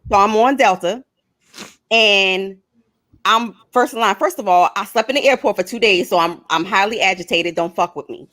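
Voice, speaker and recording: A woman's voice: mid-range voice, normal speed, fairly bright tone. A woman co-hosting a casual talk show, telling a story in a blunt, brash way. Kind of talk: casual chat.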